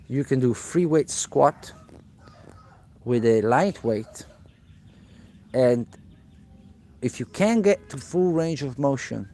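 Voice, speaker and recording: A man speaking at a middle pitch, coaching viewers in a live stream Q&A. He answers questions directly in the way a personal trainer does and hammers his key points home by repeating them. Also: mellow.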